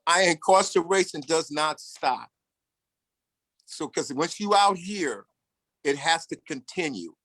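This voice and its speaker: Man, 60s, pitch a touch high, dry close mic, candid storyteller. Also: expressive, slow, long pauses, a bit bright, dry recording. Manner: earnest and candid, acts out other people's lines in the story. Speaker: formerly incarcerated speaker. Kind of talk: personal storytelling talk.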